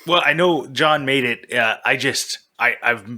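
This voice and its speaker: A man's voice: medium pitch, measured pace, bright, forceful tone. A man co-hosting a casual podcast, joking and rambling, often restarting his sentences. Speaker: podcast co-host.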